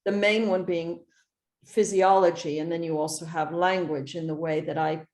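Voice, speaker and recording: A woman's voice: fairly low pitch, fairly even intonation, moderate pace, a little mellow, reverberant. A woman coaching a group over a video call, explaining with examples and rhetorical questions. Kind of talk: casual coaching talk.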